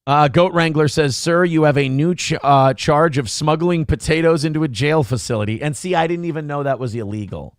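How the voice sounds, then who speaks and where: A man's voice: fairly high pitch, fairly quick, hardly any pauses, smooth, no echo, studio quality. A man hosting a casual livestream show, telling a story with a lot of swearing and acting out the other people in it. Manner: animated storytelling, swears, acts out voices. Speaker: show host.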